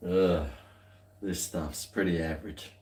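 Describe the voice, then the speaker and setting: Slow, low-voiced Australian man, rambling. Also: fairly even intonation, darkish tone, roomy sound. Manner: rambling, dry, muttered asides. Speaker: beer-tasting vlogger. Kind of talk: casual chat while tasting beer.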